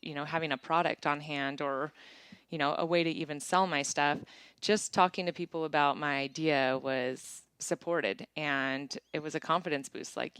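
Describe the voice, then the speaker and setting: A woman who founded an apparel business, chatting casually in an interview and telling stories with lively acted-out quotes. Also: sits low, normal speed, clear, resonant tone, no echo. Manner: chatty, animated storytelling with bright acted-out quotes. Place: small town in Montana.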